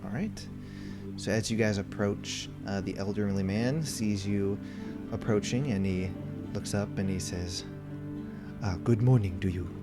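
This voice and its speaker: Low-voiced man narrating a tabletop game. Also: unhurried. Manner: relaxed, with many fillers. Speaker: game master. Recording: music playing behind.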